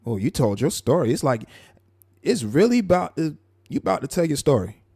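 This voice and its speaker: A man hosting a live stream, commenting on a clip in a mocking, animated way. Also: fairly high pitch, creaky, slightly rough, dry recording, studio quality. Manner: mocking, animated, drawn-out asides. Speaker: live show host.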